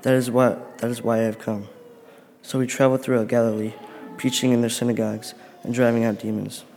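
A man reads scripture in a flat, mellow voice at a steady, careful pace. He restarts now and then. The sound carries a long church reverb. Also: medium pitch, fairly quick, vocal fry, slight background noise. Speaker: scripture reader. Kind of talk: reading scripture aloud in church.

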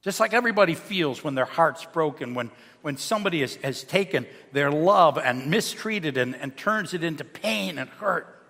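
A man's voice: fairly high pitch, expressive, normal speed, creaky. Man preaching in a reverberant hall. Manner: dynamic preaching, swinging from loud emphasis to soft, hushed lines. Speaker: pastor. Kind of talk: sermon. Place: church sanctuary. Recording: long reverb of a church hall.

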